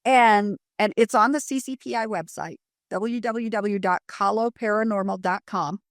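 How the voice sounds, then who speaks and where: A middle-aged woman from Colorado telling a paranormal investigation story in a casual interview, animated and full of fillers, acting out quotes. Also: medium pitch, normal speed, no room sound, clean studio sound.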